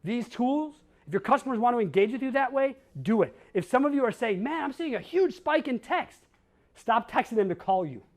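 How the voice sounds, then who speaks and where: A man's voice: very high-pitched, lively intonation, brisk, darkish tone. A man in his forties from Chicago giving a talk to a crowd, brash and blunt, firing off rhetorical questions and slang. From Chicago, USA. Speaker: conference speaker. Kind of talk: energetic storytelling talk.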